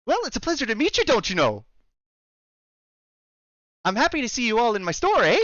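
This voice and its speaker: A bubbly female elf shopkeeper with a put-on Canadian accent, as a game master puts her on, high and lively, all chirpy exclamations. The sound is dull and lo-fi, like an online call. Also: fairly quick, no room sound, heavily acted. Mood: welcoming.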